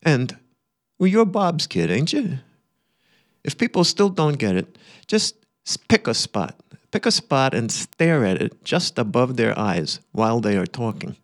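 A man voicing a blunt, controlling older uncle, reading out a letter of commands in a brash, loud voice. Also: mid-range voice, sing-song, unhurried. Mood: bossy.

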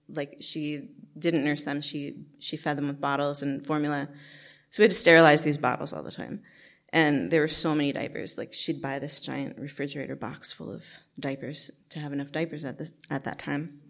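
A woman's voice: deep voice, moderate pace. A middle-aged woman telling a personal life story to an audience in a candid, casual way, with many fillers. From New Jersey, USA.

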